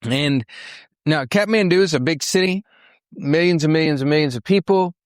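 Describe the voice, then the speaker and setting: A man's voice: fairly high pitch, normal speed, dry recording, clean studio sound. A middle-aged man from Western Oklahoma giving a church mission talk, telling his story in a folksy, earnest way with fillers and restarts. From Western Oklahoma, USA. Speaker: missionary speaker.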